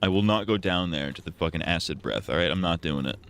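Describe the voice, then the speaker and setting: A low-voiced man chats casually while playing a game on a live stream. He rambles from joke to joke and keeps poking fun at himself. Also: quick pace, vocal fry, a bit bright. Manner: rambling, joking, self-mocking.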